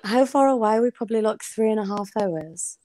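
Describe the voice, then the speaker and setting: A woman's voice: mid-range voice, lively intonation, fairly quick, mellow, dry recording. A woman from the West Midlands of England with a West Midlands accent, joining a casual chat on a video call. She is chatty and giggly, and tries to tone her accent down. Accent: West Midlands English. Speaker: caller guest.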